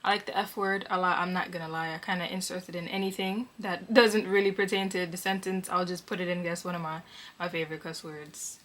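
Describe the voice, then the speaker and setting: A young woman from Connecticut, chatting casually as she answers viewer questions for her vlog, relaxed and filled with ums. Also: lowish voice, brisk. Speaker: vlogger. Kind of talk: casual Q&A chat.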